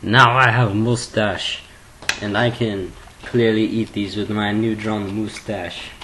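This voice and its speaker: A man's voice: fairly low pitch, little pitch movement, unhurried, background noise. Rambling, joking teenage guy on a webcam. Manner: rambling, joking, prone to giggling. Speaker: vlogger. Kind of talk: casual webcam chat.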